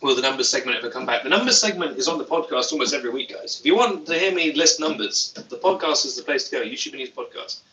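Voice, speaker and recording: A man's voice: medium pitch, expressive, fast talker, few pauses, pushed and bright, reverberant, far from the mic, low-quality recording. A young British man hosting a casual livestream, reading chat aloud with dry, self-mocking humor. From Britain. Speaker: YouTube host. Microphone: phone.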